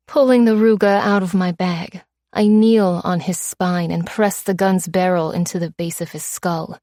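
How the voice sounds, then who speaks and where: A woman narrating an audiobook in first person, steady and measured, tough and menacing in the dialogue. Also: fairly low pitch, no room sound, studio quality.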